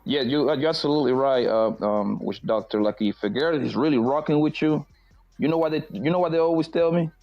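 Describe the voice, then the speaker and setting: A man's voice: mid-range voice, a little fast, muffled recording, faint music behind. A man on a casual panel, blunt and sarcastic in how he puts his points. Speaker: guest panelist. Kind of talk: casual chat.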